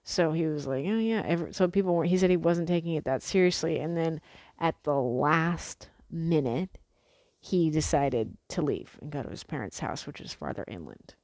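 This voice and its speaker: Young woman vlogger, low pitch, dry close sound, loose sweary chatty delivery. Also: expressive, normal speed, a little mellow, dry recording. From Pacific Northwest. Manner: chatty, swears freely, frequent fillers and restarts. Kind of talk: casual rambling monologue.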